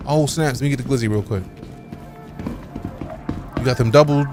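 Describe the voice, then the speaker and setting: A man's voice: medium pitch, normal speed, warm tone, soft background music. A man live-streaming a game, chatting casually with his viewers and joking around with playful, mock-offended trash talk full of slang.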